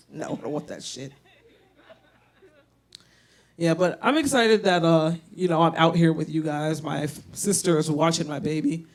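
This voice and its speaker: A woman's voice: low voice, a little mellow. Woman, stand-up comic, brash, profane, storytelling, live bar stage, handheld mic. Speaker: stand-up comedian. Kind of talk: stand-up set. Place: comedy bar stage, indoors.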